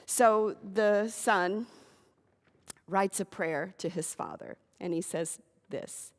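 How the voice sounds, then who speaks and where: A woman's voice: mid-range voice, takes it slowly. Woman minister telling a sermon story. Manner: conversational, animated retelling with asides. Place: church sanctuary. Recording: long reverb of a church hall.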